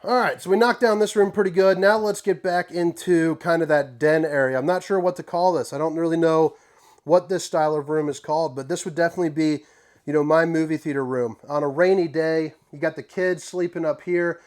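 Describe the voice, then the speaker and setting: A man's voice: a little high, a little fast. Folksy man giving a casual RV tour. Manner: folksy, joking, relaxed slang. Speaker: RV tour host. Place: inside an RV.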